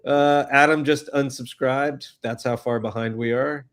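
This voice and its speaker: A man's voice: medium pitch, steady tone, unhurried. A man hosting a casual livestream, greeting chat viewers and joking loosely, with frequent swearing. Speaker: livestream host reading chat.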